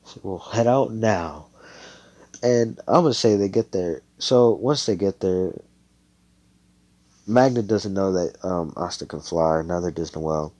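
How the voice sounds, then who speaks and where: A man's voice: deep voice, unhurried, dark tone. A man casually retelling a fan story, rambling and cussing with lots of filler words.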